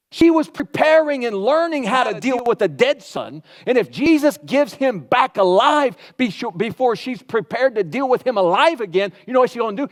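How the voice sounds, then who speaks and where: A man preaching a sermon in a conversational way, asking the crowd questions and acting out quotes. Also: very high-pitched. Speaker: pastor.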